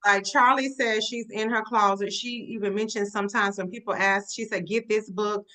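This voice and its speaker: A woman author talks casually over a video call, her tone bright and forward. She is animated and expressive, and now and then slips into playful voices. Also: mid-range voice, normal speed. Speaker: author guest.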